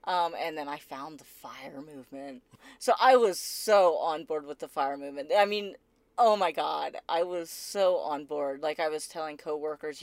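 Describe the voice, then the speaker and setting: A woman hosting a casual podcast, bubbly and quick to laugh, often checking in with "right?". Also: sits low, expressive, no room sound. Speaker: podcast host.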